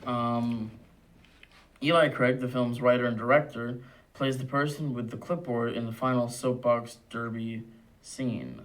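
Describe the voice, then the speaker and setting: A man co-hosting a movie review show, reading trivia in a low-key way with brief dry replies. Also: fairly even intonation, unhurried, poor audio. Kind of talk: casual movie review chat.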